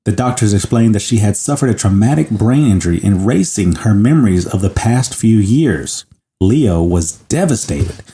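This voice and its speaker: A man's voice: on the low side, lively intonation, normal speed, dark tone. A man hosting a casual podcast who reads a story dramatically and jokes with his co-hosts. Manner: joking, dramatic when reading. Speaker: podcast host. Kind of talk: casual chat and story reading.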